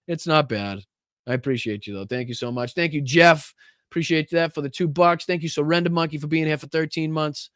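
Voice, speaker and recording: A male political livestream host with a Boston accent, talking off the cuff, repeating himself and trailing into ums and uhs. His voice comes through smooth and clean, in a dry room with no echo. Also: fairly high pitch, a bit bright. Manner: heated, repetitive, many fillers and restarts. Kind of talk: casual livestream commentary and viewer shout-outs.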